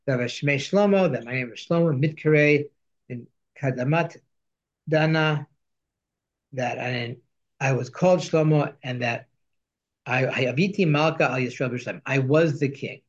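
A man's voice: medium pitch, normal speed. Man teaching an ancient text, muffled audio. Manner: reads Hebrew and Aramaic quotes, translating each line. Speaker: Torah teacher. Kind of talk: text study lesson.

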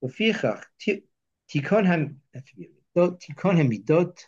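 A man teaching a text study lesson, reading Hebrew verses slowly and then explaining them. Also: on the high side, sing-song, darkish tone, slightly rough, lo-fi sound. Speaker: Torah teacher.

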